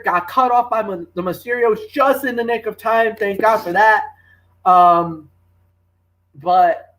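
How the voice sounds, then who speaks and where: A man co-hosting a wrestling review show, talking casually with loud exclamations and many fillers. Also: sits high. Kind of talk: excited casual podcast chat.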